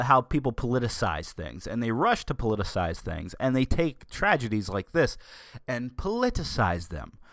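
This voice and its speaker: Man, sarcastic rant, opinion commentary, mid-pitched voice, dry sound. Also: a bit bright, no room sound. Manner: sarcastic, ranting; reads news article aloud. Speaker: political commentator.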